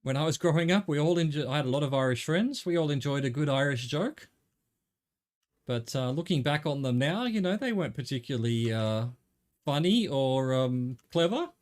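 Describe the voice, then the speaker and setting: Lively and on the high side, with a darkish tone and normal speed, this middle-aged Australian game streamer chats casually to viewers. He rambles wryly, tossing jokey asides to chat as he plays.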